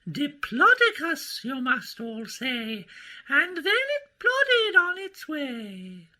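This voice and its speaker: An actress playing a dotty, slow-talking female quiz panellist who recites rhymes in a radio comedy. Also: high-pitched, sing-song, sharp tone, heavily acted.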